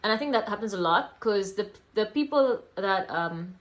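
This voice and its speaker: A woman's voice: medium pitch, expressive, moderate pace, a bit bright. A young woman casually reviewing a wrestling event, rambling with lots of fillers and self-corrections. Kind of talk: casual solo review vlog.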